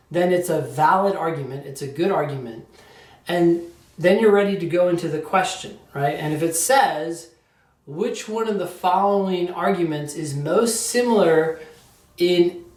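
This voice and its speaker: A man teaching a test prep lesson in a conversational way, often checking in with his listeners. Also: on the high side. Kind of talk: casual explanatory lecture. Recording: roomy echo, distant mic.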